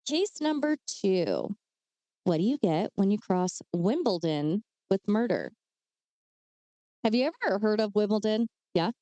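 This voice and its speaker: A woman's voice: medium pitch, animated, normal speed, warm tone, no echo. A woman co-hosting a podcast, telling true crime cases in a casual way with chatty asides. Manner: reads case details with chatty asides and fillers. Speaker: podcast co-host.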